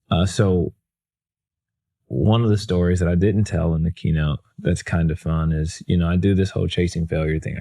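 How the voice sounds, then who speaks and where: A man's voice: sits low, gravelly, warm tone, husky. A man, a motivational speaker, telling stories in a casual, self-deprecating way with lots of fillers and restarts. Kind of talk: casual storytelling.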